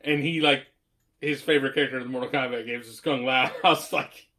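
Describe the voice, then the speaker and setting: A man's voice: mid-range voice, steady tone, fast talker. Laughing profane man reviewing a movie. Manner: profane, laughing, acts out quotes in loud voices. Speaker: podcast co-host. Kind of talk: casual movie review chat.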